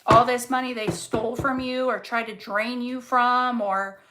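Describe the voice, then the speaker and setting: A woman's voice: on the high side, little pitch movement, unhurried, sharp tone, rough recording. A woman reading tarot cards casually to camera, fervent and encouraging, swearing freely and repeating words for emphasis. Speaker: tarot reader.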